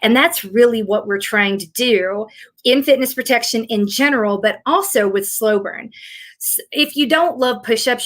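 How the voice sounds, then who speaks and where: A woman's voice: a little high, lively intonation, normal speed, fairly bright tone. A middle-aged woman from rural Tennessee with a Southern accent, chatting casually and rambling a little as a fitness coach in a live Q&A. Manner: chatty, rambling, self-deprecating.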